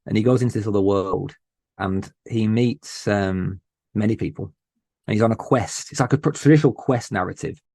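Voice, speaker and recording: A man's voice: lowish voice, vocal fry, a little mellow, no room sound. Earnest man with a dry close voice. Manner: emotional, earnest, halting restarts. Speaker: podcast host, interview guest. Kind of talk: casual interview chat.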